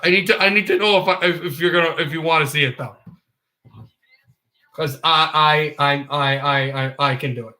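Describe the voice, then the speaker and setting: A man's voice: fairly high pitch, steady tone, normal speed, bright, forceful tone, reverberant, low-quality recording. Stammering young man calling hockey. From United States. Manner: stammering, repeats words and restarts often. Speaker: livestream hockey commentator. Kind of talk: casual play-by-play commentary.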